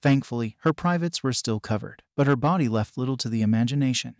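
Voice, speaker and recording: A man narrating a fan fiction story in a steady, even reading style. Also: mid-range voice, quick pace, no room sound, clean studio sound.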